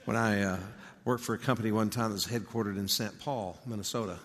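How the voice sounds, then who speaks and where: A man's voice: on the low side, steady tone, fast, a bit bright. A man with a Texan accent giving a conversational sermon in a folksy, storytelling manner. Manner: folksy, storytelling, with many asides. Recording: long hall reverb.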